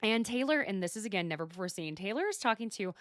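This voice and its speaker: Woman, solo podcast host, animated up-and-down voice, casual chatter, salty language, dry close sound. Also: medium pitch, no echo. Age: adult, mother. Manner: chatty, swears freely, quick asides. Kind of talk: casual solo recap chat.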